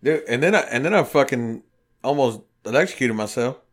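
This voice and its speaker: Man, casual podcast chat, profane, animated, acts out quotes. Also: medium pitch, a little fast. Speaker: podcast co-host.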